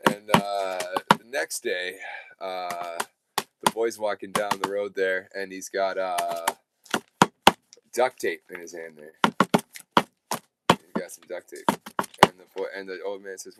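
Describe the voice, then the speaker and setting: A man's voice: sits low, steady tone, unhurried, very noisy. Male live radio host, rambling folksy joke-teller, self-correcting.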